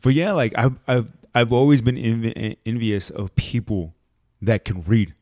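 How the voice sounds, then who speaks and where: A man's voice: medium pitch, a little slow, a little mellow, no echo, studio quality. A man hosting a casual podcast chat, laid-back and swearing freely.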